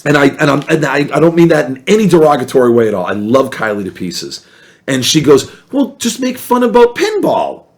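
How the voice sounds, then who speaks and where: A man telling a story in casual chat, animated and acting out the people he quotes. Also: fast talker. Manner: animated, acts out quoted voices with big pitch jumps. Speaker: podcast guest.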